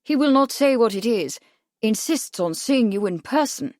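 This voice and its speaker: A woman's voice: fairly high pitch, animated, normal speed, a little mellow, no room sound, clean studio sound, close to an everyday voice. A woman voicing a flustered, hesitant host in an audiobook. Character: frowning host gentleman, flustered.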